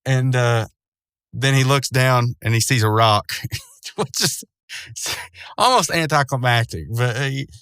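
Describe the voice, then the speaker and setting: A man's voice: mid-range voice, a little slow, sharp tone, clean tone, dry recording. A man casually retelling a cartoon episode, rambling with lots of fillers and frequent chuckles. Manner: rambling, loose, chuckling often, many fillers. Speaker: show recapper.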